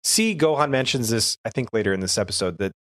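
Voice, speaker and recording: A man's voice: mid-range voice, expressive, quick pace, no echo. Man, podcast co-host, chatty and joking, mid-range voice, dry close mic. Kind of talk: casual chat recapping a cartoon.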